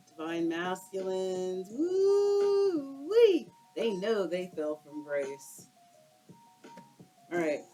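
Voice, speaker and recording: A woman's voice: fairly low pitch, a little mellow, poor audio. A woman doing a casual tarot card reading for her viewers, exclaiming and using slang as she turns the cards. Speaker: tarot reader.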